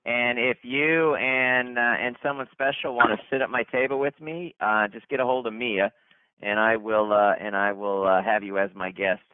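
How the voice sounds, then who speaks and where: A man hosts an upbeat company call, hyped and looping back over his own phrases. His voice sits at an ordinary pitch. It comes through a thin, dry phone line. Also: fairly even intonation, normal speed, clean tone, no room sound. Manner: hyped, repetitive, stumbling restarts. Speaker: company leader hosting a conference call. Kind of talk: upbeat conference call shout-outs.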